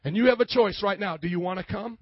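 A man with a very high voice delivers a sermon as a pastor, calling on the congregation to answer back and often breaking into a shout. The sound is dry and close, with a dull, lo-fi quality. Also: fast talker, dry recording. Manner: preaching with call-and-response, often shouting.

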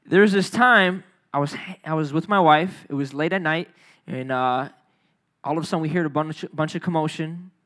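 A high-pitched man delivering a storytelling sermon, casual and full of slang. He swings between quiet asides and loud, excited retellings, voicing the people in his tales as he goes. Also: normal speed. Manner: animated, slangy, acts out the people in his stories. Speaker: preacher. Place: church hall.

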